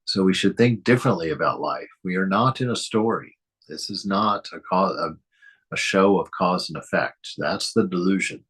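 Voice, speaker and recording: A man giving a reflective spiritual talk as a teacher, speaking gently, asking many rhetorical questions and chuckling often. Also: low voice, normal speed, husky.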